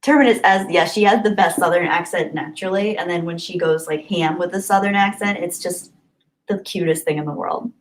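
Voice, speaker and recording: A woman's voice: on the low side, a little fast, poor audio. A woman hosting a casual live stream, reading viewer comments aloud and chatting back, laughing often and sometimes dropping to near whispers.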